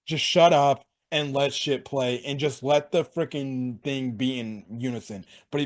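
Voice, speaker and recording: A young man talking through a wrestling show in a loose, casual way. His voice sits in a middle register, and he swears constantly and leans on slang. He gets easily worked up as he tells it. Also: mid-range voice. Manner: excitable, heavy swearing, slangy. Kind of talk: casual sports recap.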